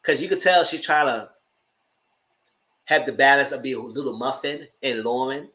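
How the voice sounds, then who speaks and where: A man hosting a channel, recapping TV episodes in casual, gossipy commentary, swearing freely and jumping into squealed exclamations. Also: normal speed. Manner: animated, gossipy retelling with frequent swearing; breaks into high squealing exclamations. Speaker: TV show reviewer and channel host.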